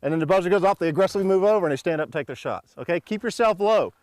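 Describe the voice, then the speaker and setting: A man in middle age teaches a pistol drill outdoors, his voice sitting somewhat high for a man. He mixes playful threats with brisk, commanding instructions to his students. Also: expressive, a little mellow, dry recording. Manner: joking, commanding drill calls. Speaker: shooting coach. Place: outdoor shooting range.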